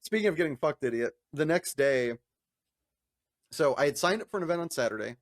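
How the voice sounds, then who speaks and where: A man's voice: a little fast, no echo, studio quality. A man telling a long story in casual chat, swearing, laughing and mimicking others. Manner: animated, profane, laughing, mimics people in high voices. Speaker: podcast co-host.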